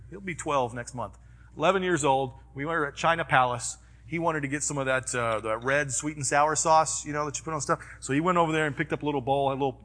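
A male pastor preaching a sermon, swinging from loud urging to quiet reflection, with personal stories woven in. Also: fairly high pitch. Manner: personal storytelling within preaching.

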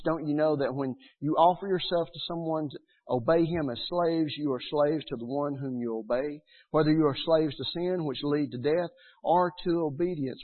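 Earnest preaching man, tinny sound. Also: fairly high pitch. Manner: earnest, animated, acts out quotes. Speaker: pastor. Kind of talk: sermon.

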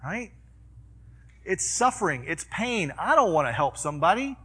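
A male pastor preaching a sermon, swinging from loud urging to quiet reflection, with personal stories woven in. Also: high voice, sing-song, moderate pace, breathy edge. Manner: personal storytelling within preaching.

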